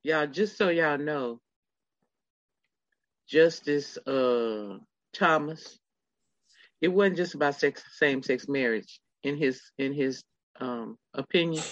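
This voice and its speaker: Bright-voiced middle-aged podcast host, unhurried. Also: medium pitch, dry recording. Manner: storytelling, talking straight to listeners. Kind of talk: casual podcast chat. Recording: slightly dull lo-fi sound.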